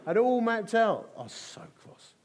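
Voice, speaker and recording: This middle-aged Englishman has a very high-pitched voice and a brisk delivery as he preaches. His sermon is animated and humorous, carried by storytelling and emphatic repetition.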